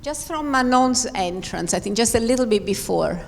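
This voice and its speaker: A woman's voice: a little high, lively intonation, normal speed, gravelly, in a large hall, slight background noise. A woman coaching dancers in a live rehearsal, emphatic and encouraging as she talks them through each step in a large performance studio. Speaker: ballet coach.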